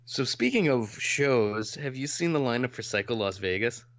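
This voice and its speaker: A man's voice: mid-range voice, expressive, moderate pace, dry recording. A man co-hosting a podcast in casual chat, talkative and explaining in long runs. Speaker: podcast co-host.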